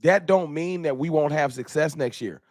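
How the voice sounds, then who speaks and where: A man's voice: a little high, normal speed, darkish tone, no echo, studio quality. A man hosting a live fan talk stream in a casual, slangy way, greeting viewers by name.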